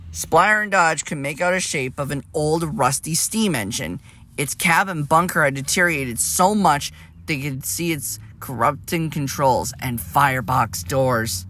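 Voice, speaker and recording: A man narrating a storybook tale in a plain, steady reading voice with small slips. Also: fairly high pitch, a little hiss or hum.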